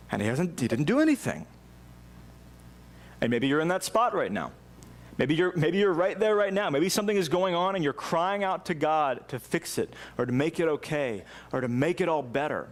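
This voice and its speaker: A man's voice: on the high side, lively intonation, a little fast. A man preaching a sermon in a church as pastor, speaking earnestly and with feeling, often restarting his sentences. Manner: earnest, impassioned, with frequent restarts.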